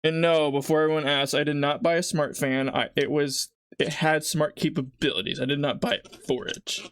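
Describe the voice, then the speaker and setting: Clean studio sound and a dry recording carry a medium-pitched, steady voice at a fairly quick pace. The speaker is a live streamer in a home kitchen, chatty and rambling, tearing up over an onion and mocking themself.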